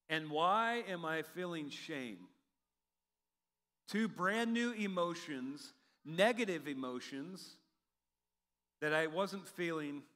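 A man preaching a sermon in an animated, humorous way, acting out quotes from the text. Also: a little high. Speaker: pastor. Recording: long hall reverb.

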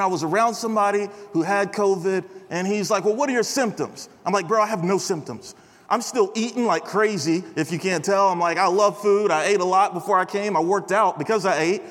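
A young man giving a chatty, animated chapel sermon to a large audience, peppered with bro and dude. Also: sits high, in a large hall. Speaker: chapel speaker. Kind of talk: casual storytelling sermon.

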